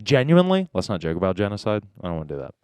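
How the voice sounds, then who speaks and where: A man co-hosting a casual comedy podcast, joking and swearing, often cutting into quick asides. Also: fairly low pitch, huge pitch swings, a little mellow, clean tone, dry recording. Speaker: podcast co-host.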